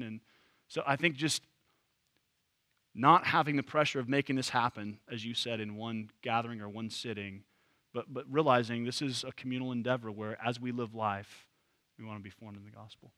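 A man's voice: medium pitch, steady tone, moderate pace, pushed and bright, dry recording. A man leading a church training session, talking casually with many fillers and restarts. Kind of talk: casual teaching to a group.

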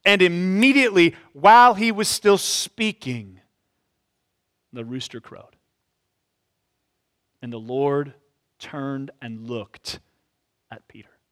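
High-voiced preacher, reflective and unhurried. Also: male voice, steady tone, a bit bright. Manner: reflective, often hedges with "sort of". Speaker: pastor. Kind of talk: expository sermon. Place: church.

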